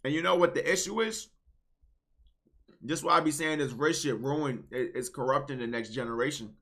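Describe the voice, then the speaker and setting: A man streaming casual reaction commentary, blunt, swinging between low muttering and loud outbursts. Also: normal speed.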